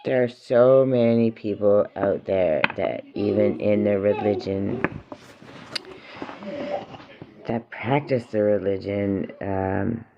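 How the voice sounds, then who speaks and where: A man's voice: lowish voice, takes it slowly, long pauses, background noise. A man giving an earnest, emotional spiritual reflection at home, repeating phrases for emphasis. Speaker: parent and vlogger. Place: home with children nearby. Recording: dull lo-fi recording.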